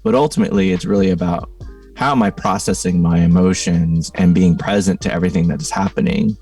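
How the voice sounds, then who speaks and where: A man's voice: sits low, fairly quick, darkish tone, husky, recorded from a distance, soft background music. A middle-aged man, a podcast guest, telling a reflective story in a thoughtful, conversational way, full of "you know" and "like.".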